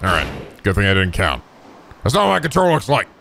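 A man's voice: fairly low pitch, fast, creaky, a little hiss or hum. A man hosting a video game playthrough, swearing and trash-talking in mock anger. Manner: profane, excitable, mock-angry trash talk. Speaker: let's play host. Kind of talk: gaming commentary.

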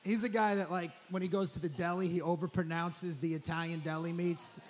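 Stand-up comic, high voice, profane riffing, faint room noise. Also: male voice, steady tone. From New Jersey. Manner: profane, rambling, rapid riffing. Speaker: stand-up comedian. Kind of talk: stand-up comedy set.

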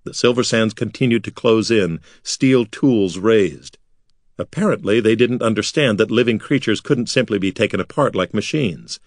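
A man reading a fantasy novel aloud as an expressive audiobook narrator. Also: lowish voice, dry recording, clean studio sound. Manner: lively, expressive storytelling.

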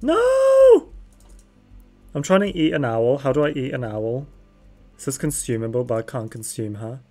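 A young adult co-streamer chatting casually during a game, playful and quick to laugh. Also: mid-range voice, dark tone, soft background music. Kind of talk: casual gaming chat.

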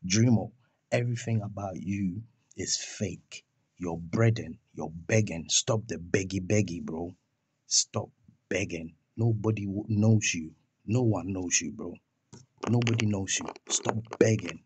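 A young man delivers a heated vlog rant, scornful and full of rhetorical questions and insults. His voice sits low and sounds a little husky. It is recorded dry and close, with no room sound around it. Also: a little slow, darkish tone, dry recording. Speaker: commentator on a music feud.

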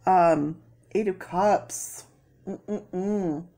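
Slow-talking woman tarot reader. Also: lowish voice. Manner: chatty, excitable bursts, many fillers. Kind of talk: casual tarot reading.

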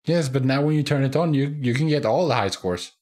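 A man's voice: medium pitch, animated, fairly quick, a little mellow, soft background music. A man hosting a reaction video, giving casual, amused commentary with chuckling asides.

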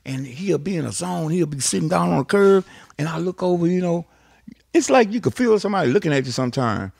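A man from Texas, an interview guest, telling long stories in an animated way, repeating words and swearing freely. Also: a little high, fast, gravelly, dry recording. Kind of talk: animated storytelling.

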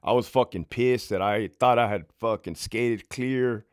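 A man's voice: medium pitch, a little slow, clean tone, no room sound, clean studio sound. A man, a former prison sergeant, telling his own story to camera in a casual, heated, profanity-filled way.

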